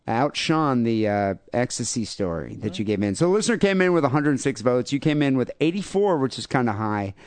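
A man's voice: mid-range voice, a little mellow, smooth, no room sound. Rambling, joking male podcast host. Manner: jokey, rambling, many fillers. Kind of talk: casual comedy podcast chat.

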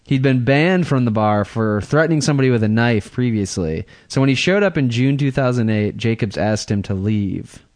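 30s male podcast cohost, chatty, laughs a lot, mid-pitched. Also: animated, moderate pace, few pauses, darkish tone. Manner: laughing storyteller, acts out voices. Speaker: podcast co-host. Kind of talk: casual chat.

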